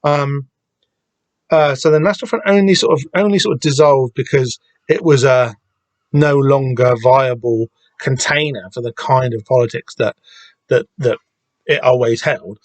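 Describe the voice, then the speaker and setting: A man's voice: medium pitch, normal speed, dry recording. A man hosting a podcast, talking casually and rambling with many restarts and the odd swear word. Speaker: podcast host discussing a comic.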